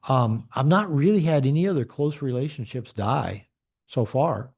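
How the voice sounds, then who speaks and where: A man's voice: medium pitch, expressive, moderate pace, vocal fry, darkish tone, slightly rough. A man in his sixties, a men's coach giving a candid, reflective personal talk to an online group. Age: 60s. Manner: earnest, reflective, candid storytelling. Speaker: men's coach and community leader.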